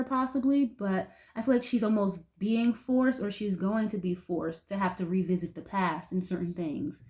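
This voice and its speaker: A woman's voice: medium pitch, darkish tone. A woman reading tarot cards for her viewers in a loose, chatty way, leaning on "like" and swearing now and then. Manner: chatty and loose, heavy use of "like", occasional swearing. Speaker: tarot reader.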